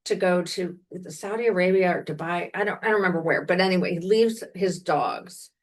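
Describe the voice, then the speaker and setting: A woman's voice: on the low side, brisk. A woman from Washington, D.C., co-hosting a podcast, chatting casually about books in a rambling way with frequent self-corrections. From Washington, D.C., United States. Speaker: podcast co-host recommending books. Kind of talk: casual chat.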